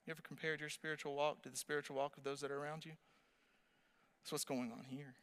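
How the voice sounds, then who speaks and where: A man in his thirties preaching a sermon, telling a family story with animated energy and asking the audience questions. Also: on the high side, fast talker. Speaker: pastor.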